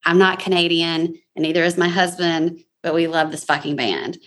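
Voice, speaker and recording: Enthusiastic woman interviewer, low-pitched. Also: fairly even intonation, normal speed, a bit bright. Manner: enthusiastic, casual, swears freely. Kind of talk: casual interview.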